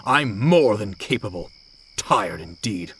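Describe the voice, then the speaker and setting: A man's voice: lowish voice, animated, slow pace, background noise. Guy doing a grumpy posh old steam engine, snappy and stuck-up, storybook train voice. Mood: haughty. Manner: haughty, snappish, upper-class.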